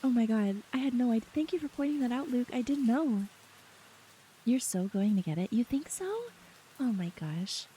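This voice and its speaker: A woman streamer chatting softly and giggling often as she greets her chat, close to the mic with faint rain behind. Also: fairly high pitch, lively intonation, moderate pace, slight background noise, rough recording. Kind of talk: soft-spoken live-stream chat. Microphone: close ASMR microphone.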